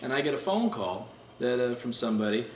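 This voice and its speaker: Animated man ranting in a roomy space. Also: mid-range voice, a little fast, slight background noise. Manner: animated, rambling, profane. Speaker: repair shop owner vlogging. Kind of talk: casual spoken rant. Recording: distant mic in a roomy space, dull sound.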